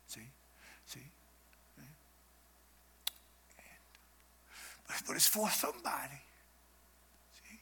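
A man's voice: on the high side, expressive, slow pace, long pauses, bright, forceful tone, husky. A man preaching an informal sermon as a guest preacher, in an emphatic, conversational way.

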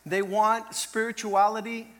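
A pastor's high, bright voice carries through the church as he preaches in short phrases. He is emphatic and now and then breaks into loud, shouted quotes. He waits after each line for an interpreter. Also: little pitch movement, measured pace. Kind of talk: preaching a sermon with live interpretation.

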